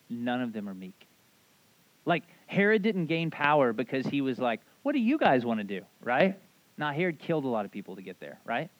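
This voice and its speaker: A man preaching a casual, conversational sermon as a youth pastor, rambling through stories with lots of fillers and "right?". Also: medium pitch. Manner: rambling, filler-heavy storytelling with frequent "right?". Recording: dull lo-fi sound.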